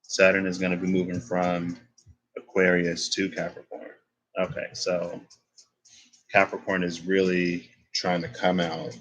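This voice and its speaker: A man's voice: sits low, completely flat delivery, unhurried, fairly bright tone, lo-fi sound. A young man giving a casual tarot reading, rambling and thinking aloud as he corrects himself. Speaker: tarot reader.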